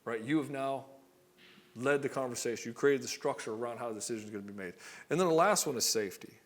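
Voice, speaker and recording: A man's voice: mid-range voice, fast. A man coaching husbands on relationships, talking bluntly, swearing casually and acting out both partners in short skits. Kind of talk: direct-to-camera coaching talk.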